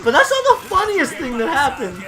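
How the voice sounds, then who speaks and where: A man spinning animated, swear-laced stories in casual chat over a gameplay session, packing his talk with "like". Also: very high voice, a little fast, crowd noise. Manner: animated storytelling full of "like" fillers, swears freely. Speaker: storyteller co-host of a gameplay video. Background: video game music.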